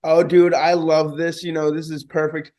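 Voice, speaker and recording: A man's voice: fairly high pitch, level tone, normal speed, a little mellow. A man co-hosting a wrestling recap, chatting with upbeat fan enthusiasm. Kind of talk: casual chat.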